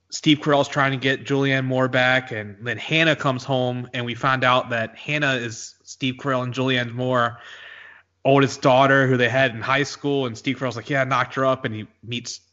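A man's voice: mid-range voice, pushed and bright, highs cut off. A man co-hosting a casual movie podcast, eagerly retelling favorite scenes. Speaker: podcast co-host.

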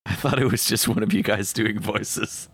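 A man's voice: lowish voice, fairly even intonation, moderate pace, a bit bright, slightly rough. A man co-hosting a casual prank-call podcast, joking and rambling. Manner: joking, rambling, puts on silly voices. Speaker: podcast co-host.

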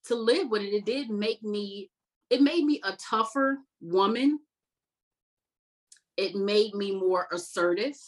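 A woman's voice: a little high, a bit bright, rough recording. A woman in her thirties, an army veteran guest, telling her story candidly with an earnest, self-mocking manner. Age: 30s. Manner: earnest, reflective, laughs at herself.

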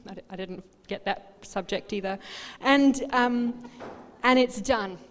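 A woman pastor preaching a sermon, swinging from quiet asides to loud, animated outbursts. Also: mid-range voice, measured pace, a little hiss or hum. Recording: long hall reverb.

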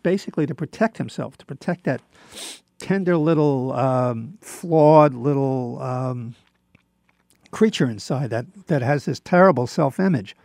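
Gravelly older man hosting radio. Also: medium pitch, a little mellow, no echo, clean studio sound. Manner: rambling, with many fillers and restarts. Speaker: radio show host. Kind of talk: casual monologue.

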